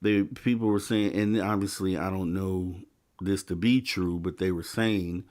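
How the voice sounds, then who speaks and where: A man's voice: low voice, steady tone, unhurried, darkish tone. A man in his forties hosting a late-night call-in show, chatting casually and hedging as he recalls things. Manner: rambling, hedging his own memories. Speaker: show host. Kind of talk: casual radio chat.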